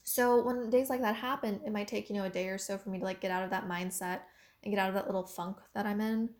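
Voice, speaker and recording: A woman's voice: mid-range voice, fairly even intonation, quick pace, darkish tone. A young woman giving a casual motivational talk about mindset and a creative career, talking in a chatty way full of "like" and "you know".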